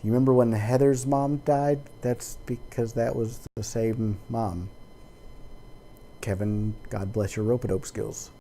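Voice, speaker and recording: A man's voice: medium pitch, steady tone, unhurried, dark tone, a little hiss or hum. A man talking into his webcam in a casual personal monologue, rambling with many fillers and false starts.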